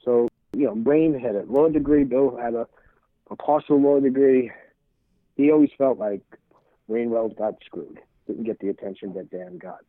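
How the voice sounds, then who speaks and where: An interview guest in middle age tells casual stories at normal speed in a mid-range voice, rambling and stumbling over repeated words as he acts out past conversations. The tinny, phone-like recording has no room sound.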